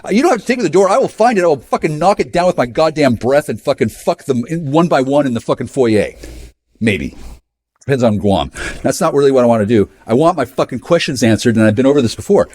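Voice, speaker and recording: A man ranting alone to camera as a vlogger, profane and agitated, addressing someone who isn't there and swinging between raised outbursts and low muttering. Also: a little mellow. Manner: profane, agitated, talks to an unseen person. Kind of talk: rambling solo rant to camera.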